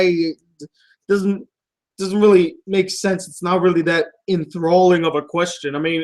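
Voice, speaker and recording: A young man hosting a casual vlog, rambling, joking and swearing about his own mishaps as he reads fan mail at home. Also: sits high. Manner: profane, joking, self-deprecating. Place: home room.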